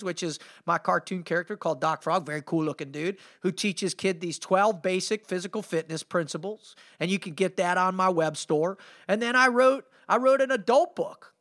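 Fired-up high-voiced podcast host man. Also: fairly bright tone. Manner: fired-up, slangy, says "man" a lot. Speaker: podcast host and motivational speaker. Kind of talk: energetic storytelling monologue.

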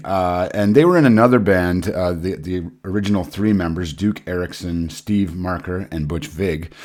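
A man on a podcast panel, talking casually about a band's history in an easygoing, hesitant way with many uhs. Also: deep voice. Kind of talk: casual album review chat.

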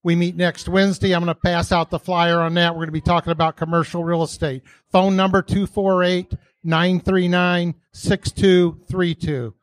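A property liquidator introducing himself at a meeting, plain and slightly halting. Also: male voice, high voice, little pitch movement, no echo. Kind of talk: quick self-introduction.

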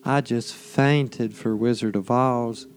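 A man's voice: medium pitch, steady tone, slow pace, close to an everyday voice. A man playing an outrageous, lustful woman, rambling breathlessly. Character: lustful over-the-top woman, Samantha Matthews.

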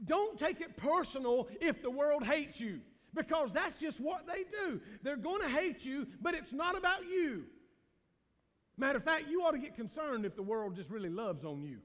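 A man's voice: extremely high pitch, fairly bright tone. A man, a pastor preaching a sermon in a folksy way, asking the congregation questions and laughing often. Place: church sanctuary. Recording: long reverb of a church hall.

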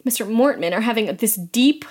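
A young woman talks through an episode recap with a friend in a relaxed, chatty way, peppering her lines with "like." Her voice sits a little high and rises and falls in big, lively swings. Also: a little fast. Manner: chatty, animated storytelling with many "like"s. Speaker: podcast co-host.

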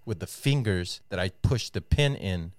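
Smooth-voiced comedian telling stories. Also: male voice, deep voice, moderate pace, no room sound. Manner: animated storytelling, acts out voices. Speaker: stand-up comedian guest. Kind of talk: casual chat.

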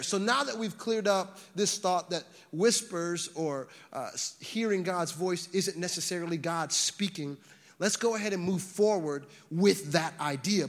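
A man's voice: high voice, fairly bright tone. A man, a pastor, preaching a sermon in a conversational way to a congregation, often restarting words and using fillers. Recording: long reverb of a large hall.

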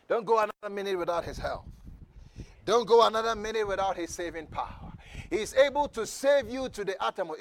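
A man preaching a sermon as pastor, fervent and rising to shouted calls for the congregation to repeat after him. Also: sits high, lively intonation, a little fast.

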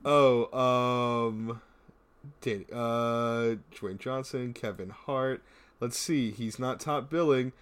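A young man chatting casually as a podcast co-host, joking and wandering off into silly tangents. His voice sits at an ordinary middle pitch, and he laughs now and then mid-sentence. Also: fairly even intonation, very slow, smooth. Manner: joking, rambling, laughs often. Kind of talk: casual comedic chat.

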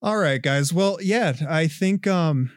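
A man's voice: fairly high pitch, slow pace, no room sound, clean studio sound. A man hosting a podcast who wraps up the chat loosely and jokingly. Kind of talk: casual chat.

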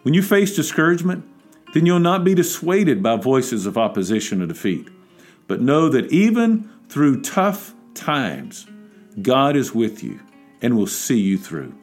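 A man's voice: medium pitch, sing-song, a little slow, faint music behind. A man preaching a devotional podcast sermon, exhorting and emphatic, building to urgent peaks.

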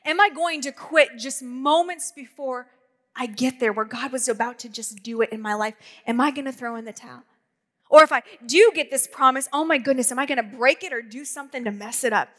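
A woman pastor in her thirties preaching a sermon, telling stories with quick asides and humor. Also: sits high, fairly bright tone. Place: church auditorium. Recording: long hall reverb.

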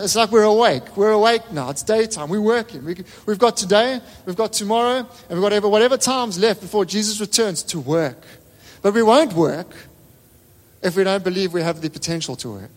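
A man preaching a sermon as pastor, with emphatic repetition and sudden swings between loud and soft delivery. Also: high-pitched. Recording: long hall reverb.

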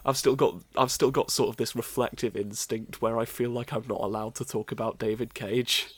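A man's voice: mid-range voice, fairly even intonation, moderate pace, husky. A man co-hosting a podcast with dry, sardonic, sweary banter. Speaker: podcast co-host. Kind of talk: casual podcast chat.

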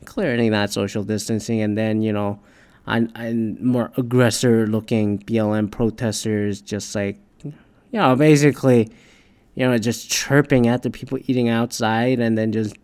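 A man's voice: lowish voice, dark tone. Male ranter, casual and profane, rambling with lots of restarts. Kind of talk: casual ranting monologue. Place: Detroit area.

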